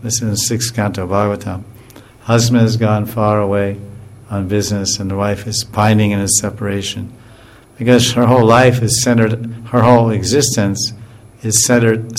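A man giving an informal scripture class in a relaxed way, with chuckles and frequent fillers and restarts. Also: lowish voice.

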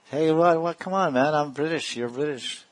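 A man's voice: a little high, moderate pace, voice pushed up, natural voice. A man mimicking a baffled, protesting Englishman. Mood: exasperated. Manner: exasperated, protesting. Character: flustered Englishman baffled by a dialect.

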